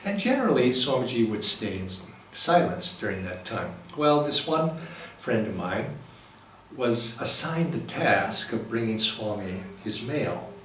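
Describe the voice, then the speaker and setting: A man gives a spiritual talk, easing through a story in a gentle, halting way with many pauses. His voice carries from a distance through a very echoey hall, with a faint hum of room ambience behind him. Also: medium pitch, very animated. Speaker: spiritual teacher.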